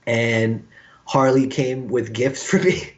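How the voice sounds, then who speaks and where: A middle-aged man from New York, a musician guest telling a story in a casual podcast interview, animated and profane, with a lot of fillers. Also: medium pitch, takes it slowly, noisy background. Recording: slightly dull lo-fi sound.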